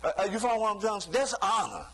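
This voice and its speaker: A man's voice: high-pitched, big pitch swings, fast, a bit bright, poor audio. A man preaching a sermon in a loose, conversational way, often stopping to ask "you see?" and chuckling between points. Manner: chuckles between points, acts out quoted voices.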